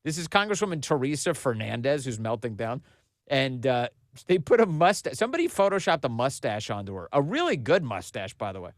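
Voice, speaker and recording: A man's voice: medium pitch, sing-song, brisk, no room sound. Mocking male podcast host, dry sound. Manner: mocking, sarcastic, laughing. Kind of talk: political commentary.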